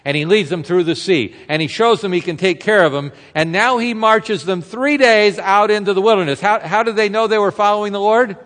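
A man's voice: sits high, fairly quick, few pauses, a bit bright, big-room sound. A man preaching an expository sermon in a conversational way, often putting rhetorical questions to the congregation. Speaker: pastor.

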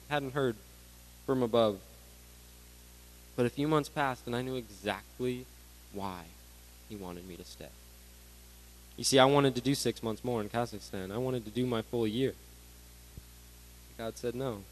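A man in his twenties giving a sermon to graduates, animated, swinging between loud bursts and hushed asides. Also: medium pitch, poor audio. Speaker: graduation speaker.

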